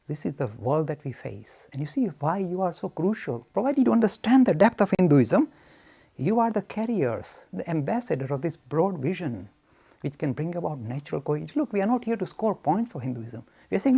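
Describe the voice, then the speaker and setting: Male religion speaker, lively and gravelly, emphatic in a question-and-answer session. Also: on the high side, a little fast. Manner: emphatic, animated, telling anecdotes. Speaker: speaker on Hinduism. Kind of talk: lecture answering audience questions.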